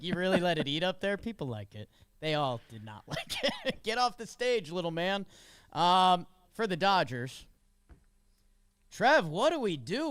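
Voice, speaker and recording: A man's voice: sits high, fairly bright tone, clean tone, dry recording. A man co-hosting a podcast, talking sports casually and chattily with jokes and fillers. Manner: chatty, jokey, with many fillers. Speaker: podcast co-host.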